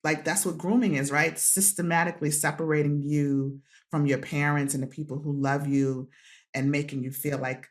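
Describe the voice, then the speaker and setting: A woman who is a podcast guest, telling a heartfelt story in an animated way, acting out quotes and laughing often. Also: sits low, normal speed.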